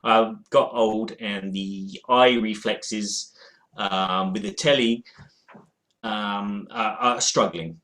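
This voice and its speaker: A man's voice: fairly low pitch, fairly even intonation, slow, a bit bright. Rambling man chatting to his webcam. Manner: rambling and hesitant, with many fillers and restarts. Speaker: board game vlogger. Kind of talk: casual chat answering viewer questions. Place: at home in front of a game shelf.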